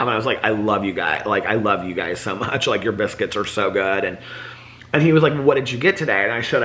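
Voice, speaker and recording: A man's voice: fairly low pitch, sharp tone. A man telling a casual daily vlog story, chatty and laughing often, acting out the voices of people he quotes. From United States. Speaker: vlogger.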